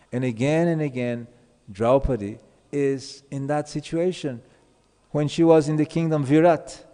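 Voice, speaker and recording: Male preacher, sermon delivery, storytelling, slightly higher voice, mellow tone, long hall reverb. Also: clean tone. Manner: storytelling, acts out quoted dialogue. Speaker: speaker giving a scripture class.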